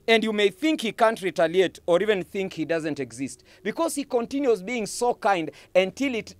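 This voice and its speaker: A male preacher delivers a sermon with emphatic, repeated phrases. His voice is animated, rising and falling widely in pitch. The recording is dry, with no room echo.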